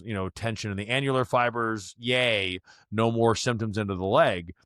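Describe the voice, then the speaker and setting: Man, guest clinician, low voice, blunt and casual, swears freely, dry close mic. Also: a bit bright, no echo. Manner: blunt, swears casually, explains in long runs. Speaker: podcast guest, chiropractor and DNS instructor. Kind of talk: casual interview talk.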